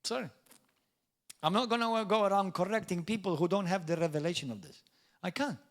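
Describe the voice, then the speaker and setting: A middle-aged man preaching a sermon with emphatic swings in loudness, dropping in jokey asides. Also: high-pitched, brisk. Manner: jokey asides and mock quotes of doubters. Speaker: pastor.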